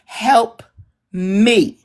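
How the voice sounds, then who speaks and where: A woman's voice: mid-range voice, steady tone, drawn-out words, darkish tone, voice pushed up. A woman putting on the voice of a desperate, trapped wife who pleads for rescue in a mock plea. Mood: pleading.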